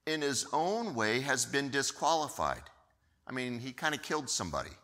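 Lively male preacher with a bright edge. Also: mid-range voice, normal speed, long reverb tail. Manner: animated storytelling with repeated words. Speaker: pastor. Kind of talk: sermon.

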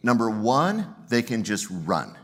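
A man's voice: fairly low pitch, sing-song, slow. A man preaching a sermon as pastor, earnest and storytelling, often repeating the first word of a phrase.

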